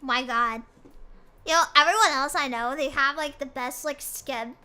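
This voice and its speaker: A woman's voice: sits high, measured pace, bright, forceful tone. A woman streamer chatting casually with her viewers, complaining in a playful, mock-dramatic way.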